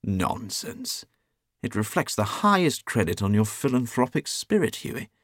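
An actor playing a jovial, teasing gentleman painter who talks loudly and laughs heartily. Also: mid-range voice, very animated, moderate pace, slightly rough, dry recording, pitched above the performer's own voice. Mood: amused, teasing.

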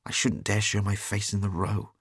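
A man playing a sulky, hapless young gentleman. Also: on the low side, completely flat delivery, moderate pace, husky, dry recording, clean studio sound.

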